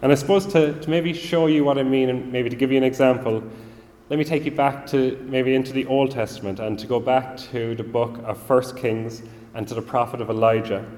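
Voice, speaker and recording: A man preaching a sermon, earnest and measured, often repeating words as he gathers his thoughts. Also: mid-range voice, steady tone, a little mellow. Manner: earnest, measured, repeats himself while thinking. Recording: long reverb of a large hall.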